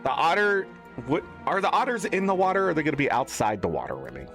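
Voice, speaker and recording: A man's voice: on the high side, big pitch swings, fast, a bit bright, soft background music. A man ranting in exasperated, emphatic commentary as a gaming content creator, swearing often.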